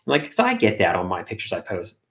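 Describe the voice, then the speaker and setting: Energetic, low-voiced man telling stories. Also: brisk, vocal fry. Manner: energetic storyteller, lots of fillers. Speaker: guest, art streamer. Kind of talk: casual interview chat.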